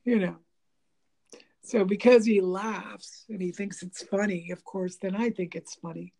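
A woman with a gravelly, low-key mellow voice talks in a loose, rambling way, full of fillers and restarts. She laughs often and acts out little snippets of dialogue as she goes. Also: unhurried. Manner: animated, laughing, mimics dialogue. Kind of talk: casual conversation about relationships.

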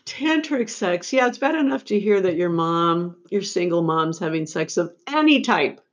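A woman's voice: on the low side, expressive, normal speed. A middle-aged woman co-hosting a podcast, telling family stories in a casual chat with dry, wry humor. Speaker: podcast co-host. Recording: slightly dull, lo-fi recording.

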